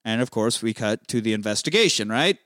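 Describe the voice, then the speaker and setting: A man's voice: on the low side, animated, brisk, a bit bright, dry recording, clean studio sound. A man casually recapping a film as a podcast host, swearing freely and acting out the characters' lines. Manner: profane, acts out characters' lines.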